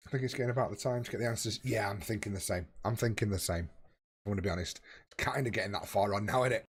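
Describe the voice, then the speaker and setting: Tired thirty-something male streamer, lowish voice, casual and foul-mouthed with his chat. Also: fast, slightly rough. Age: 30s. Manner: swears freely, bantering with chat. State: tired, yawning. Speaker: game streamer.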